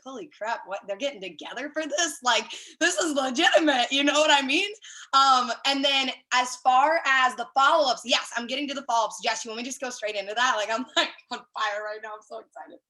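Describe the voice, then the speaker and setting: A woman talks through a team sales training on a video call, bubbly and full of asides. Her voice sits fairly high, bright and forceful. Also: poor audio. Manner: chatty and excited, many fillers and asides.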